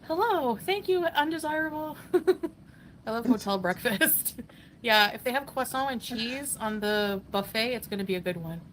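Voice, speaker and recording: A woman's voice: on the high side, expressive, moderate pace, a bit bright, a little hiss or hum, low-quality recording. A woman chatting casually on a live stream, giggling often and reading out viewer comments. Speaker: travel vlogger on a live stream.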